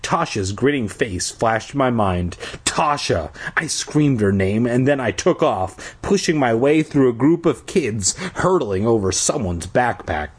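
Man, husky voice, lively storybook reading, irreverent crude asides. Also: medium pitch, measured pace, hardly any pauses. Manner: irreverent, joking. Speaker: reader.

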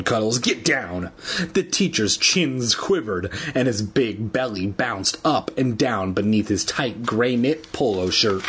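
A man's voice: on the low side, a bit bright, husky. A man reading a storybook aloud at home, with irreverent, swearing asides. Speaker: reader.

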